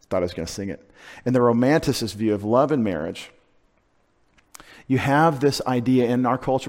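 Man preaching a casual, joking sermon. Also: medium pitch. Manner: conversational, joking asides to the congregation. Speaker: pastor.

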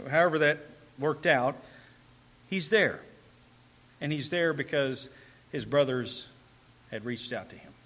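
A man's voice: mid-range voice, a bit bright. A man preaching a sermon in an earnest manner, building to emphatic and tender passages.

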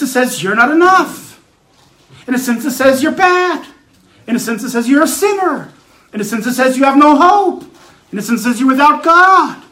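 A man's voice: very high-pitched, a bit bright, echoey room, poor audio. A man preaching a sermon as pastor, earnest and emphatic, building his points through repeated phrases.

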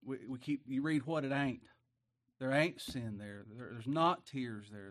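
Country preacher guy, folksy, gets quiet then loud and emotional. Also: mid-range voice, measured pace. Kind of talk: sermon.

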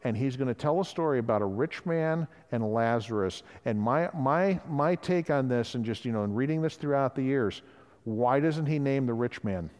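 A male pastor delivers a sermon in a relaxed, conversational way. He slips into the voices of the people he quotes as he teaches. His voice sits at an ordinary pitch, and a long reverb from the hall trails behind it. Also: normal speed.

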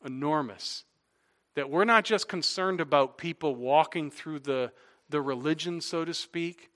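Man, pastor, sermon, bright voice, slightly high pitch, emphatic repetition. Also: measured pace. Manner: illustrative storytelling and emphatic repetition, closing in prayer.

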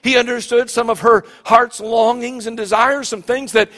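A man with a notably high-pitched voice preaches a sermon, hammering home repeated questions and often restarting his sentences. His voice carries a long reverb from a large church hall. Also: steady tone, moderate pace, a bit bright. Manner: preaching with rising emphatic questions and frequent restarts. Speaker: pastor.

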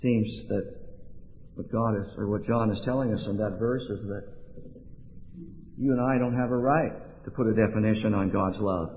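A man from Oregon preaching a sermon in slow, deliberate phrases with emphatic pauses. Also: lowish voice. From Oregon, USA. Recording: tinny, lo-fi sound with long hall reverb.

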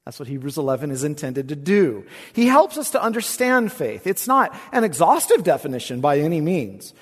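A man preaches in a church sanctuary, his high voice leaping and dropping between emphatic declarations and quiet asides. He keeps asking his listeners rhetorical questions as he works through a passage. A long hall reverb trails behind every phrase. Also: very animated, brisk. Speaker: pastor. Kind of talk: expository sermon.

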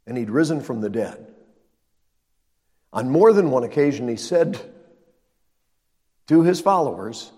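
A man's voice: mid-range voice, expressive, a little slow, long pauses, mellow, husky, long reverb tail. A male pastor preaching a sermon, emphatic and repeating his key lines.

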